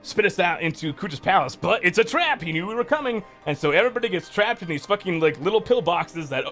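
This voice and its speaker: A man's voice: high voice, fast, soft background music. A man streaming, retelling a game's story casually with lots of swearing and filler. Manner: rambling, profane, animated retelling. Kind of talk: casual game story recap.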